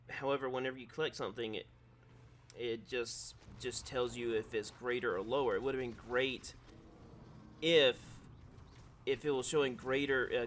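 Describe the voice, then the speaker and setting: A man's voice: mid-range voice, a bit bright, a little hiss or hum. A man giving a rambling, analytical game review voice-over, often correcting himself mid-sentence. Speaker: gaming video creator.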